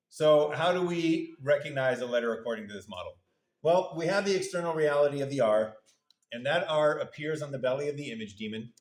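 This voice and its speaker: A male university lecturer giving a casual classroom lecture, playfully acting out little voices for the parts of a model. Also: mid-range voice. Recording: echoey room.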